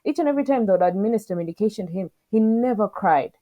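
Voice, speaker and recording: A woman's voice: medium pitch, animated, fast talker, warm tone, lo-fi sound. A young woman and podcast co-host recounting a personal story in an earnest, emotional way, voicing the back-and-forth she had with staff. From southern Africa. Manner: emotional, earnest retelling with quoted exchanges.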